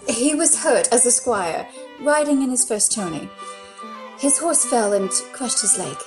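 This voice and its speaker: A woman's voice: fairly high pitch, expressive, measured pace, over music. A woman playing a sweet, coaxing young noblewoman. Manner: gentle, coaxing.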